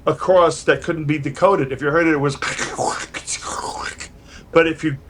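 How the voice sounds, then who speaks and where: Over a video call, an older musician from New York sits in his gear-filled home studio and spins animated, meandering stories, restarting often. He speaks a little slowly in a higher-pitched voice, with slight background noise.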